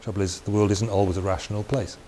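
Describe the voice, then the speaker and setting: A man's voice: lowish voice, little pitch movement, quick pace, warm tone. A man giving a Bible teaching talk in a conversational way, with chatty asides and restarts. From Wales. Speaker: preacher. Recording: faint hiss.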